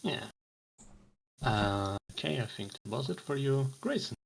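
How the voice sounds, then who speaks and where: A man acting as game master for a tabletop game played online, casual and explaining calmly. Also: medium pitch, unhurried, gravelly, slight background noise, low-quality recording.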